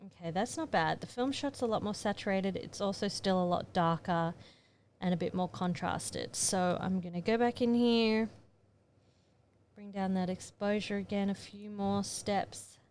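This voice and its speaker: A woman's voice: mid-range voice, a little slow, a little mellow, slight background noise. A woman photographer casually narrating her editing steps, chatty and thinking aloud as she works. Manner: chatty, muttering to herself while working. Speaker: photographer giving an editing tutorial.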